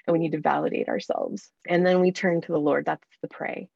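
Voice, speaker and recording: A woman's voice: low-pitched, brisk, creaky, few pauses, no room sound. Earnest woman coaching moms, lo-fi. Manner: earnest, animated, acts out inner dialogue. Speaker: guest, mom anger coach. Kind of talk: faith-based podcast conversation.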